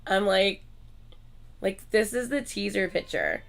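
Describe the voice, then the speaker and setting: A woman hosting her channel in a casual chat with viewers, excitable and gushing like a fan, swearing often and filling her talk with "like.". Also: medium pitch, measured pace, creaky. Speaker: channel host chatting with viewers.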